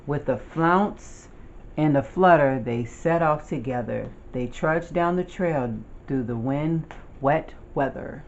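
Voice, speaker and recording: An adult reading a children's picture book aloud with a slow, deliberate storytelling delivery. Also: medium pitch, lo-fi sound, slight background noise. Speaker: storybook reader.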